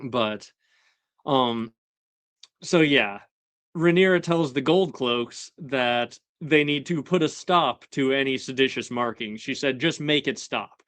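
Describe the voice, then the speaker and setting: A man hosting a casual episode recap chat, talking in a relaxed way with lots of fillers and chuckling asides. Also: mid-range voice, slow pace, clear, resonant tone, no echo. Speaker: show host.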